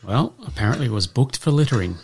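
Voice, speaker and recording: A man hosting an educational podcast, reading out answers in a measured way and slipping in dad jokes. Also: medium pitch, animated, very noisy. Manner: measured, spells things out, slips in dad jokes. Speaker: podcast host.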